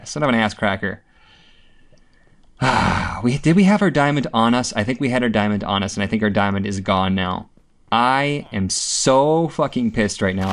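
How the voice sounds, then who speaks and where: A man's voice: lowish voice, a bit bright, a little hiss or hum. A man giving casual, rambling commentary on his own gameplay, talking through each step with plenty of ums and frequent swearing. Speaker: gameplay video host.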